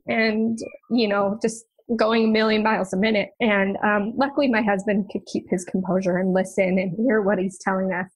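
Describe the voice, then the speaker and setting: A woman's voice: a little high, fairly even intonation, husky, rough recording. Earnest woman telling a personal story. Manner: earnest, quick, tumbling retelling with restarts. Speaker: podcast guest, mother.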